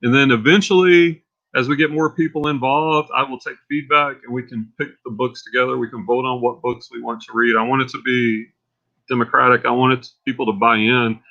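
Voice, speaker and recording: A Texan man hosts a casual livestream in a mid-range voice, talking a little fast over lo-fi audio. He rambles along and gets excitable, working himself up as he goes.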